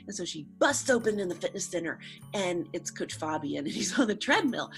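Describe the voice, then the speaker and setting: A woman's voice: fairly low pitch, lively intonation, quick pace, gravelly, faint music behind. Chatty woman telling a school story. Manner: chatty, quotes characters with "she's like". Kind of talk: casual spoken storytelling.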